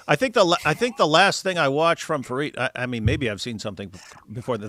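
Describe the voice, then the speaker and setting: A man hosting a casual panel chat, blunt and mocking, reading out viewer comments with animated asides. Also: mid-range voice, gravelly, no room sound. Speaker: show host.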